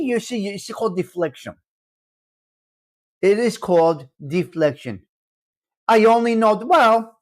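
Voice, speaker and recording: A man's voice: high-pitched, sing-song, normal speed. A man hosting a casual live-stream chat, brash and mock-combative, swearing freely as he talks to viewers. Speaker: live show host.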